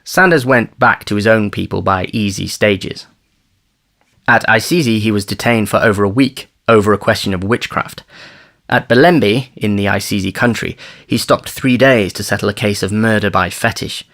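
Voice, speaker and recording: A man narrating an audiobook thriller in a measured, wry storytelling manner. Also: fairly low pitch, gravelly, a bit bright. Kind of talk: scripted narration.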